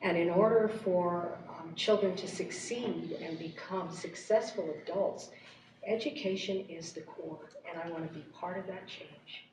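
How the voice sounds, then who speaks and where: A woman's voice: lowish voice, a little slow. An older woman from Santa Fe giving an earnest candidate statement at a forum. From Santa Fe, New Mexico. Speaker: board candidate. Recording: echoey hall, distant mic, background noise.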